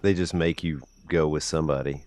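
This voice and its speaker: A man's voice: very deep voice, fairly even intonation, a little fast, darkish tone. A young man streaming a game, muttering profane commentary to himself with bursts of exasperation and an occasional cough. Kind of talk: live gameplay commentary.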